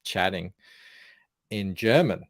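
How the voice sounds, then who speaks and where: A man with an Australian accent and a somewhat low voice, recorded dry and close. He tells anecdotes in a relaxed, casual chat. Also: takes it slowly, no room sound. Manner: storytelling, animated anecdotes.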